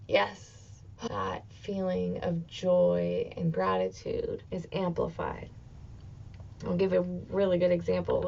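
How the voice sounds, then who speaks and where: A woman in her thirties hosts a motivational solo podcast, talking expressively and dropping swear words freely. Her voice has a gravelly fry, sits at a middling pitch, and comes through slightly dull and lo-fi. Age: 30s. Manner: expressive, swears freely, swings into excited outbursts. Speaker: podcast host.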